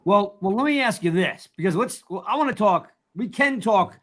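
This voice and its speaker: A man with a high voice hosts a laid-back football podcast. He talks in a friendly, meandering way, often restarting his sentences. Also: lively intonation, normal speed, a bit bright. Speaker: podcast host. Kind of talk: casual sports podcast chat.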